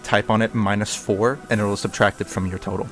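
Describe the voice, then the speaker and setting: A man's voice: lowish voice, fairly even intonation, a little fast, faint music behind. A man running a tabletop game as game master, narrating in a rambling way with many fillers. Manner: rambling, full of fillers and restarts.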